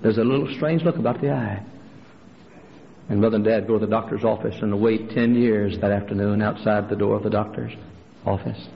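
A male pastor preaching a sermon in a church, swinging from hushed storytelling up to impassioned shouted refrains. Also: fairly even intonation, a little fast, vocal fry, a little hiss or hum. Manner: impassioned preaching, climbing to shouted refrains, dropping low for stories. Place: church sanctuary. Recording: lo-fi recording with long hall reverb.

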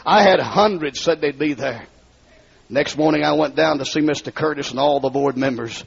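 A man with a rural Southern accent preaching his testimony in a large hall, dropping low to tell his story and rising to shout. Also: normal speed, creaky, slightly rough. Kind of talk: fiery revival sermon. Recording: dull lo-fi recording.

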